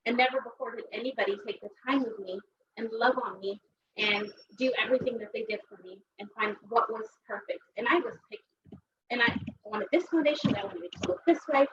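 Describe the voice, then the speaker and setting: Woman, 30s from Texas, chatty and rambling storyteller at a seminar, slightly high voice, recorded from a distance on a dull, noisy track. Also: echoey room. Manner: chatty, rambling, many fillers. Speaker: seminar speaker. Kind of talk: personal story talk.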